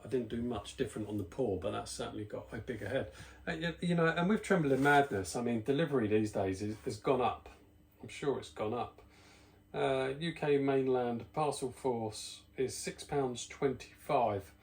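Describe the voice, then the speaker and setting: A man's voice: medium pitch, normal speed, gravelly, a little mellow. A man from the UK hosting a casual beer review, chatty and rambling with self-deprecating asides, slightly out of breath. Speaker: beer reviewer, channel host.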